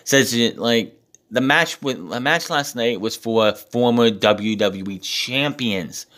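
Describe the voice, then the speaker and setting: A man's voice: medium pitch, slow, fairly bright tone. A man reviewing a wrestling show in a casual, profane recap, getting exasperated and mockingly acting out what people said. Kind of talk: casual recap with ranting commentary.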